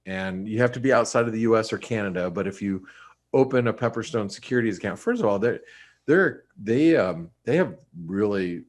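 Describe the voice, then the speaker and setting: Low husky guy rambling about charts on a webinar call, lots of ums and restarts. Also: animated, brisk. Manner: rambling, many restarts and fillers. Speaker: market analyst co-host. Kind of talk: casual market commentary.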